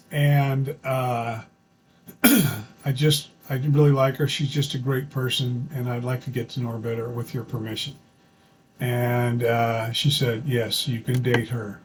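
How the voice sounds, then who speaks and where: Man, casual personal storytelling, folksy, chatty, fillers and restarts, faint background rumble. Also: flat delivery, unhurried, poor audio.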